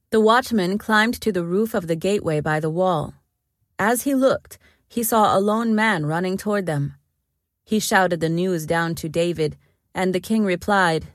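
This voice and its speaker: A woman narrating a Bible story in a calm, scripted reading. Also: lowish voice, dry recording, clean studio sound. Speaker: Bible reader.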